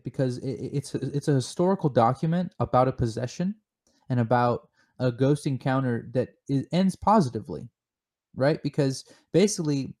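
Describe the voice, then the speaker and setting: A man co-hosting a comedic chat show, spinning deadpan, mock-serious theories with lots of halting restarts. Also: medium pitch. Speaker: podcast co-host.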